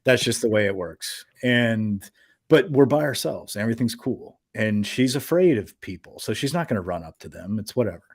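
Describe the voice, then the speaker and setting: Young dude on a podcast spinning a story, lots of "like", cusses a bunch. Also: male voice, on the low side, normal speed, no room sound, studio quality. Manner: animated, swears freely, lots of "like" fillers. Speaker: podcast host. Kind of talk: casual storytelling.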